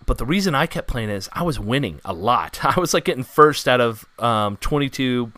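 A man's voice: medium pitch, animated, moderate pace, bright, forceful tone, dry recording. A man hosting a gaming podcast, chatting casually through the news with lots of fillers and an upbeat, rambling manner. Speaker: podcast host.

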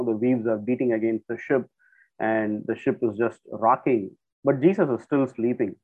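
A man in a middle register leads a casual Bible teaching, retelling each story in a loose, conversational way with plenty of fillers. The sound is narrow and tinny, like a voice coming through a phone. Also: mid-range voice. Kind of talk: informal Bible teaching talk.

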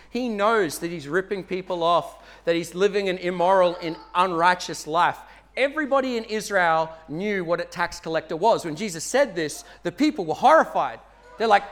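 A man's voice: high voice, a bit bright. A male pastor from Australia preaching a sermon in a church, earnest and conversational, building to emphatic peaks.

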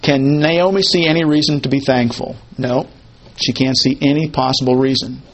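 A man's voice: medium pitch, steady tone, moderate pace, rough recording. A man teaching a Bible sermon, repeating key phrases and posing and answering his own questions. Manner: conversational, asks and answers questions. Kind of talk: expository sermon.

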